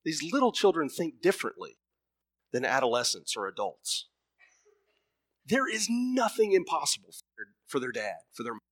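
A man's voice: on the high side, very animated, normal speed, no room sound. Emphatic preacher man, dry close sound. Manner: emphatic, repeats words, swings from loud bursts to soft murmurs. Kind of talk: sermon.

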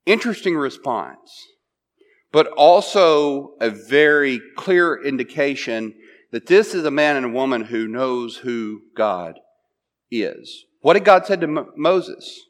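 A man's voice: mid-range voice, animated, slow pace. A man preaching a sermon, retelling a Bible story in a conversational way, often checking in with "right?" and restarting his phrases.

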